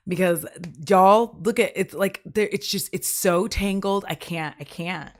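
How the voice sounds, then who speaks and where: Sick woman chatting, rough deep voice. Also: fairly even intonation, a little slow. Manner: rambling and chatty, laughs often, many fillers. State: sick with a cough and deepened voice. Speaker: streamer. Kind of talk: casual stream chat with viewers.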